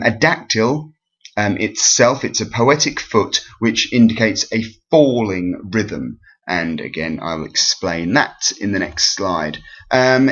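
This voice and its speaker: Man, teacher, low voice, revision lesson, ums and self-corrections, dull lo-fi recording. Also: a bit bright. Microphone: voice-over over slides.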